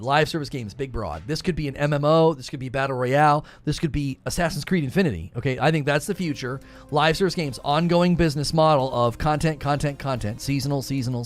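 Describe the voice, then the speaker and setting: A man hosting a gaming live stream, talking casually, rambling, joking and repeating himself as he reads chat. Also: a little high.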